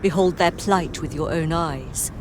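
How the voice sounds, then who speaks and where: A grave noble leader from a fantasy video game, speaking in measured, old-fashioned formal phrasing. Her voice sits a bit low and steady. Faint background noise runs under it. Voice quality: measured, formal archaic diction.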